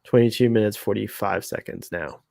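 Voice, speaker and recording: A man's voice: lowish voice, brisk, creaky, darkish tone, no room sound, studio quality. Chatty man laughing through fan commentary. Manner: chatty, laughs often, rambling asides. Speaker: podcast co-host.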